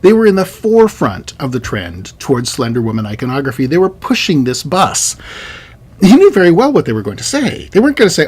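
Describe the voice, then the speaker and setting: A man giving a recorded university lecture, animated and digressive, with joking asides. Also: on the high side, fairly quick, breathy edge. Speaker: university instructor.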